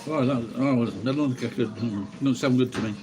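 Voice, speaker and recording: A man's voice: mid-range voice, brisk, noisy background. Chatty man musing while eating. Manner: rambling, chatty, muses aloud. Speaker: vlogger. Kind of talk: casual chat while eating, talking to viewers. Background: music.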